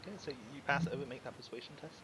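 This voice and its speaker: A man's voice: medium pitch, racing, background noise. A man narrating as game master in a tabletop game over a video call, rambling and repeating words as he describes scenes. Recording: dull lo-fi video call audio.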